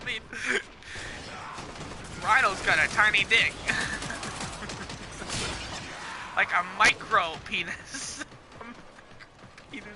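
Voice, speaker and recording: A man's voice: sits high, drawn-out words, long pauses. A teenage boy giving live gameplay commentary, rambling and making crude jokes with frequent giggles. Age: teens. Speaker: gaming streamer. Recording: loud game music behind voice.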